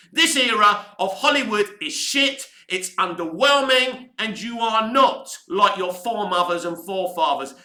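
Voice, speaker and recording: A man in a furious, foul-mouthed rant, his voice pitched high and cutting bright. He is getting hoarse, and the room around him rings with echo. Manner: heated, sweary, ranting. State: voice going hoarse. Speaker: online commentary host. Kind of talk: angry opinion rant.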